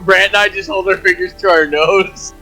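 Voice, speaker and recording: A man's voice: sits high, fairly even intonation, normal speed, pushed and bright, faint music behind, low-quality recording. A man playing in a tabletop game, wry and teasing. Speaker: player. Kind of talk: casual tabletop banter.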